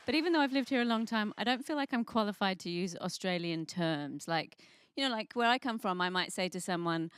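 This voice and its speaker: A woman from England with an English accent doing a stand-up set, with wry, quick observational delivery. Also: medium pitch, animated, smooth, no room sound, clean studio sound. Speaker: stand-up comedian. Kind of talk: stand-up comedy.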